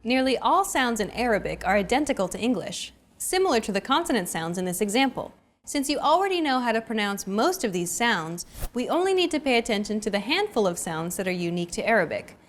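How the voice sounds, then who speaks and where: A woman's voice: fairly high pitch, big pitch swings, brisk. A woman hosting a language lesson, giving scripted, encouraging explanations in an upbeat way.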